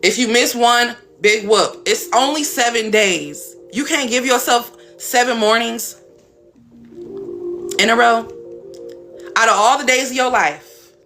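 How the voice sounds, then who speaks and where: A woman's voice: a little high, measured pace, pauses often, a bit bright, soft background music. A woman hosting a live stream as a spiritual coach, talking casually and bluntly with some cursing. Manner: blunt, chatty, swears casually.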